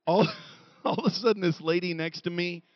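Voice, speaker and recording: A man preaching a comedic sermon, telling stories with animated quoted voices and building to shouts. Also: sits high, normal speed, no room sound, muffled recording.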